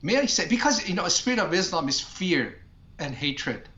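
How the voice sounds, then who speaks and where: A man's voice: high-pitched, sing-song, normal speed, sharp tone, reverberant, highs cut off. A man from Iran, a ministry founder, tells his personal testimony in a talk show interview in an earnest way and acts out his prayers.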